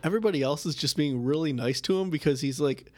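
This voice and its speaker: A man's voice: on the high side, quick pace, a little mellow, no room sound. A man co-hosting a casual comedic chat, riffing animatedly with laughs.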